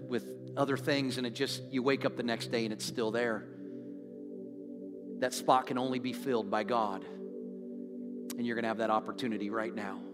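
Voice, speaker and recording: A male pastor giving an earnest altar call, repeating his words and building in force as he urges the congregation. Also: mid-range voice. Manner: earnest, repeats words, swells louder when urging. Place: church sanctuary. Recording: long reverb in a large hall.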